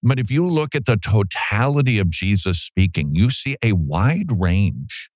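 A man with a lowish voice hosts a talk show, speaking animatedly and jumping into quoted voices. The sound is dry and close, with no room around it. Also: big pitch swings, measured pace, darkish tone, no room sound. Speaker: podcast host. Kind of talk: casual commentary.

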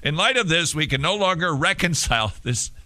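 A man doing a deliberately shaky British accent, reading out a formal statement as a stiff male spokesman. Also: fairly high pitch, lively intonation, sharp tone, voice pushed up. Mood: stiffly formal. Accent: attempted British accent. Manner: formal, clipped, mock-official.

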